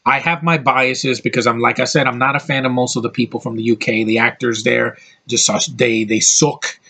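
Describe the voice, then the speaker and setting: A man's voice: medium pitch, steady tone, moderate pace, bright, forceful tone. Blunt American man reviewing a movie. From United States. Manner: blunt, opinionated, swears freely; rambling with frequent restarts. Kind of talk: casual spoken film review.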